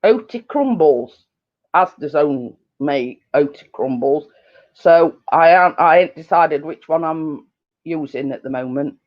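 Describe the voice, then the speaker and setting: Slow, chatty woman on a lo-fi stream. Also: low voice, lively intonation. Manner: rambling and chatty, many fillers and giggles. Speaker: channel host on a live stream. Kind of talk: casual live-stream chat. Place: living room at home. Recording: dull lo-fi home recording.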